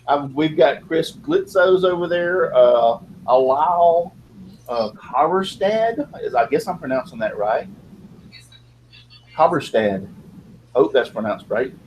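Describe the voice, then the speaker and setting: A man's voice: mid-range voice, measured pace, darkish tone, slight background noise, rough recording. A man raised in the South, hosting a casual live video chat, rambling with lots of fillers. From American South. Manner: rambling, chatty, many fillers. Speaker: live show host.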